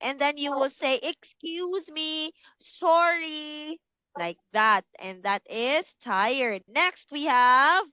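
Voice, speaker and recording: A woman teaching English to young children, speaking slowly and clearly and encouraging them to repeat words. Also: high voice, lively intonation, pushed and bright, no echo, muffled recording. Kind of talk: online class for kids.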